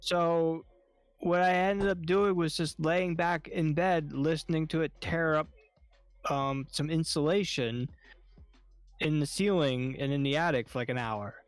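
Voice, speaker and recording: A man telling a story on a stream in casual chat, animated and swearing often. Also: fairly high pitch, unhurried, clean tone, no echo, soft background music.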